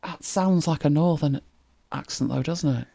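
Chatty streamer with a softened northern English accent. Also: medium pitch, moderate pace, creaky. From northern England. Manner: chatty, laughs often, muses aloud. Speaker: streamer reacting to videos. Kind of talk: casual reaction chat to viewers.

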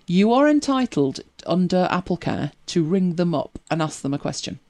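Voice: mid-range voice, big pitch swings, normal speed, a little mellow. A chatty host, laughing easily and answering viewer questions in casual talk. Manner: chatty, laughs easily, repeats words when starting. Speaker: host of a tech help show.

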